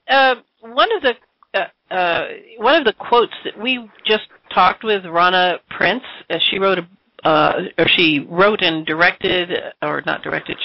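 A woman's voice: lowish voice, no room sound, muffled recording. A woman hosting a radio talk show, upbeat and chatty, with fillers.

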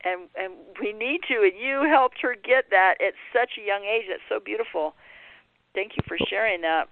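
A woman's voice: mid-range voice, normal speed, a little hiss or hum. A woman guest, a healer and author, speaking earnestly and reflectively about self-worth, with frequent fillers. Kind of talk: spiritual interview talk. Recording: tinny phone line, dry.

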